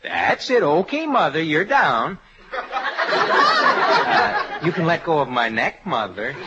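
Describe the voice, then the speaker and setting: Homespun, dutiful son. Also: male voice, fairly high pitch, huge pitch swings, slow pace, heavily acted. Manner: folksy, rustic drawl ("feller"). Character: homespun, dutiful young son fussing over his mother. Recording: dull noisy lo-fi sitcom audio.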